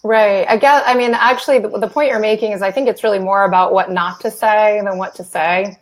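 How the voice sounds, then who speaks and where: A woman's voice: medium pitch, steady tone, fairly quick. A woman co-hosting a live therapy Q&A, speaking in a thoughtful conversational way. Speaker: co-host therapist. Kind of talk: live Q&A chat.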